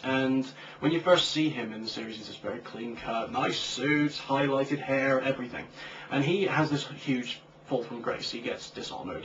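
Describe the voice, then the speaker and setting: A man's voice: medium pitch, a bit bright. A young man chatting casually as a co-host, rambling and joking with lots of fillers. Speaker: co-host, comic creator. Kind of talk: casual chat. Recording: distant lo-fi mic with faint hiss.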